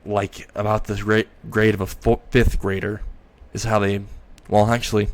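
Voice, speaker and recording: A man's voice: on the low side, little pitch movement, moderate pace. Rambling male fan-story narrator. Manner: rambling, self-correcting.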